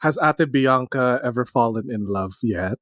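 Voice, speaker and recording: A man's voice: medium pitch, a little slow, no echo, clean studio sound. A man hosting an interview, teasing his guest and slipping between English and Tagalog. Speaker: host. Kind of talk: casual interview.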